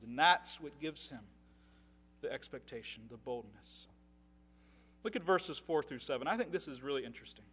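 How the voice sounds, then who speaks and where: A man's voice: medium pitch, animated, fairly quick, a bit bright, husky. A man preaching a sermon, reading scripture passages aloud with rising force and often checking in with "right?".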